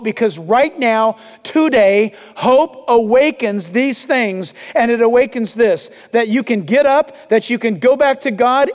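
Male pastor, high-pitched, emphatic sermon delivery, long hall reverb. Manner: emphatic preaching, loud and urgent.

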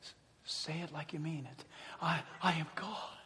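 A man voicing an older female new-age teacher in a breathy hushed whisper. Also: on the high side, steady tone, normal speed. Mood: hushed, mystical. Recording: long hall reverb.

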